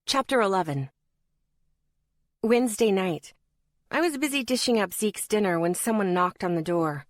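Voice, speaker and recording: A woman reading a fantasy audiobook as a first-person narrator in an even, storytelling manner. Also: medium pitch, normal speed, dry recording, studio quality.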